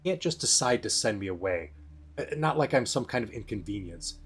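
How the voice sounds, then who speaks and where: A man voicing Irina, a sharp, defiant young noblewoman. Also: on the low side, lively intonation, a little fast, slightly rough. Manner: sharp, indignant.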